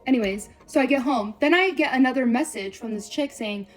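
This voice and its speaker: A young woman telling a breakup story on a vlog, blunt and profane, swearing constantly in rapid run-on sentences. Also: high-pitched, faint music behind.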